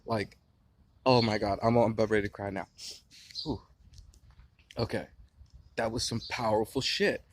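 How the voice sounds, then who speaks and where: A man's voice: on the low side, fairly even intonation, moderate pace, long pauses. A man in his late twenties giving a passionate, profane, rambling movie review outdoors. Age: late 20s. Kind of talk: casual rant-style review. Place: outdoors near a beehive.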